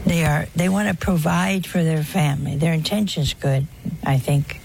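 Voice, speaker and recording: A woman's voice: low voice, moderate pace, creaky, background noise. A woman preaching a sermon to a live audience in a folksy, humorous way, acting out bits of dialogue.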